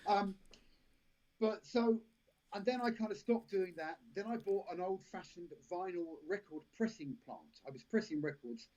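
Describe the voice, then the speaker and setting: A man's voice: sits high, normal speed, a little mellow. Rambling man telling stories. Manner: rambling anecdotes, frequent restarts, laughs at own stories. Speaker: actor and director, podcast guest. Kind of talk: casual storytelling interview. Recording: lo-fi live stream audio.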